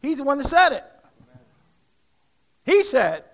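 Middle-aged pastor guy preaching, high bright voice, call and response, gets shouty. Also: very animated, slow pace, gravelly. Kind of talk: sermon.

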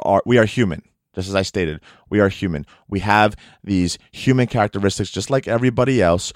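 Earnest low-voiced male preacher. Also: no echo, studio quality. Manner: earnest, exhorting, with slow emphatic phrases. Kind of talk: sermon.

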